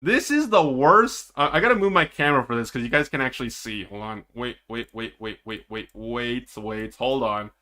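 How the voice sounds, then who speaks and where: A man streaming himself reacting to an esports match, excitable and teasing, with drawn-out dramatic groans. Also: mid-range voice. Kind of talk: casual live-stream reaction commentary.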